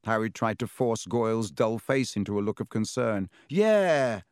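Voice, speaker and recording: A man narrating a storybook in a measured way, giving each character a voice. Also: fairly low pitch, steady tone, clean tone, no echo, studio quality. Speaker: audiobook narrator. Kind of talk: scripted narration.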